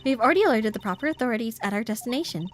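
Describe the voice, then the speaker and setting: A woman's voice: on the high side, expressive, racing, a little hiss or hum, close to an everyday voice. A woman voicing a stern, officious female flight attendant who speaks in a formal, stiff announcing manner.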